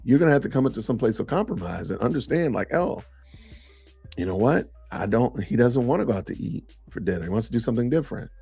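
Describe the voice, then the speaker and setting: A man's voice: medium pitch, animated, rapid-fire, vocal fry, few pauses, warm tone, breathy edge, soft background music. A middle-aged man hosting a casual live-stream podcast, chatting loosely and reacting to viewer comments. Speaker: podcast host.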